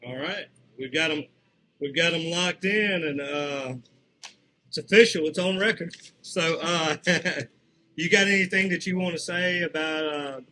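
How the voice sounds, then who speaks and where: A man's voice: on the high side, a little slow, bright, forceful tone, a little hiss or hum, low-quality recording. A man hosting a local sports talk show in a casual, chatty way, laughing often. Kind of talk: casual chat.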